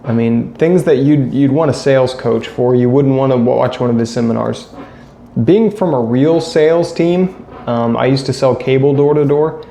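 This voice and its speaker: A man's voice: medium pitch, moderate pace, vocal fry, dark tone. A man in a casual, blunt rant to camera, criticizing and repeating his points. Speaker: vlogger. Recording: echoey room with faint ambient noise.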